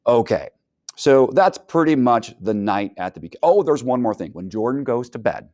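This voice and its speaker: A man teaching a casual book review lesson, animated and acting out characters' lines. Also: mid-range voice, moderate pace, no room sound, studio quality.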